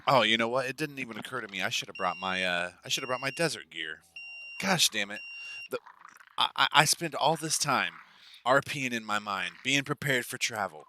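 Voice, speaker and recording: A man chatting over a game in a lively, animated way, his voice swinging up and down. He sounds bright and forward, and he laughs easily. There is a faint hiss of noise behind him. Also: mid-range voice, fairly quick. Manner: animated, laughs often, gushes over creatures. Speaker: host and game player. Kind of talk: casual gaming chat.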